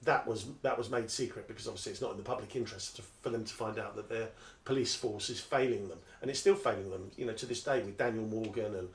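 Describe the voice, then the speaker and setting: A man's voice: lowish voice, quick pace. Emphatic male interviewer, echoey room. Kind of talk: conversational interview. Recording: roomy echo.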